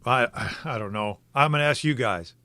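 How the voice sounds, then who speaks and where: A middle-aged man hosting a sports talk show, questioning his co-hosts in an animated way with frequent restarts. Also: mid-range voice, moderate pace, no room sound. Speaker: sports radio host. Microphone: studio microphone.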